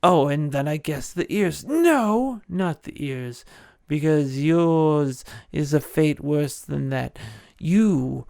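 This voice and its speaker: A man's voice: a little high, expressive, slow, gravelly, darkish tone, no echo, studio quality, heavily acted. A man voicing a young hero who taunts his enemy in a playful, mocking way. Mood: taunting.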